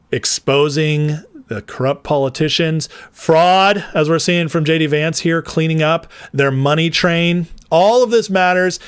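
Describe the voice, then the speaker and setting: A man's voice: a little high, dry recording. A man hosting a casual political commentary livestream, chatty and rambling, laughing often as he talks to his viewers.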